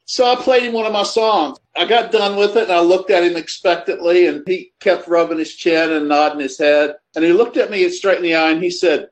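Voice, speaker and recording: Guest, middle-aged man, slightly high voice, reflective storyteller. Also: a little fast, hardly any pauses, low-quality recording. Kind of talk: storytelling conversation.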